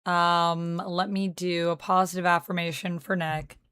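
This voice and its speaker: A woman's voice: lowish voice, little pitch movement, a little slow, fairly bright tone, smooth, dry recording, studio quality. A Canadian woman streaming live, chatting casually and reading out viewers' chat messages as she answers them.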